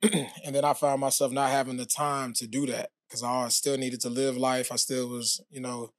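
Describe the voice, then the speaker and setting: A man, a former pro athlete, telling his story as a podcast guest in a relaxed, casual way with many fillers. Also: medium pitch, normal speed, dry recording, studio quality. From United States. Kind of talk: casual interview talk.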